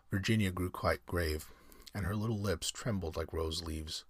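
A man reading a storybook aloud at an unhurried pace, now and then stumbling and correcting himself. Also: low-pitched, breathy edge, dry recording, clean studio sound. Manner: unhurried, with slips and self-corrections. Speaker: reader.

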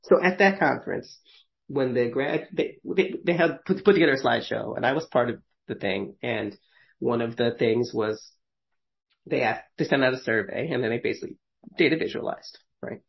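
At a normal pace and with vocal fry, this medium-pitched man sounds muffled in the recording. He's in his thirties and hosts a podcast, telling stories conversationally with many fillers and laughs along the way.

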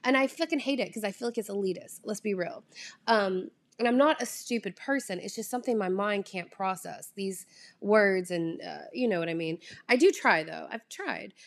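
A woman's voice: medium pitch, animated, normal speed, gravelly. A young woman with a Southern US drawl chatting casually to camera, profane and ranting, laughing often. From Southern United States. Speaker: vlogger. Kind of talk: casual chat.

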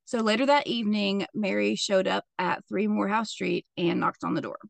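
A woman's voice: medium pitch, steady tone, moderate pace, vocal fry, no room sound. A woman co-hosting a podcast, telling a true crime story in casual chat with sarcastic, laughing asides.

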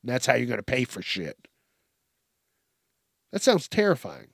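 A man's voice: medium pitch, wildly swooping pitch, normal speed, creaky, husky, no echo, studio quality. A young man hosting a podcast, ranting casually in a blunt, heavily profane way. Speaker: podcast host. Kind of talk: casual solo rant.

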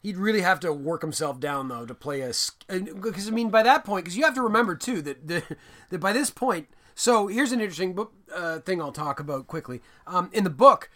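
A young adult man co-hosting a casual film podcast, animated and jokey, swearing freely. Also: high-pitched, a little fast. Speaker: podcast co-host.

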